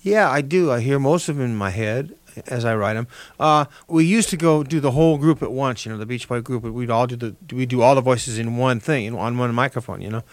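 Older man, halting radio guest, middle pitch, dry studio sound, loose rambling speech. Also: no echo. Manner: halting, restarts, many fillers. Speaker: interview guest, musician. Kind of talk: radio interview.

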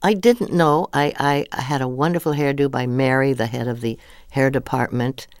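An older actress telling rambling, animated anecdotes in a casual interview, laughing often. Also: female voice, very deep voice, moderate pace, no echo, studio quality. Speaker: guest actress.

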